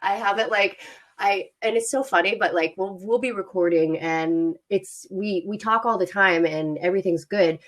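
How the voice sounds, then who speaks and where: A woman's voice: medium pitch, moderate pace. A woman co-hosting a casual podcast, chatty and open, laughing often and using many fillers. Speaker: podcast co-host.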